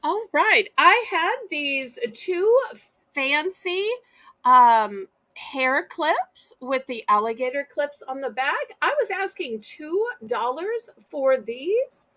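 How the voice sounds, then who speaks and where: A woman hosts a live online sale, her voice high and bouncing across a wide range. She talks slowly and chattily, with a bright edge that is starting to fray. The sound is close and dry, with no room around it. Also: animated, no room sound. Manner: chatty, folksy, drawn-out sales patter. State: losing her voice. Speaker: live online auction host. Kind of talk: live-stream selling chat.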